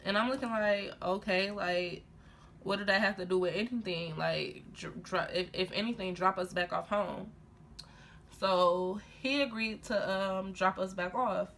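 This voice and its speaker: A young woman retells a personal story while getting ready, speaking casually with a gravelly, fry-heavy edge. She talks in heated bursts packed with fillers and restarts, breaking into laughs. A faint hiss sits behind her voice. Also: mid-range voice, measured pace, a bit bright. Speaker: vlogger.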